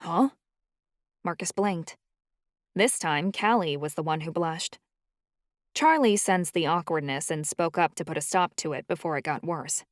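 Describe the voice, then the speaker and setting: A woman narrating a first-person audiobook in a steady storytelling manner on a close mic. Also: sits low, normal speed, no echo.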